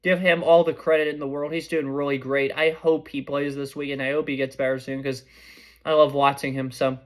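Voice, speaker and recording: Speaking at a medium pitch and a slightly fast clip, a young man running a podcast riffs on sports predictions. He's casual, eager and talkative, and he keeps revising himself in the middle of sentences.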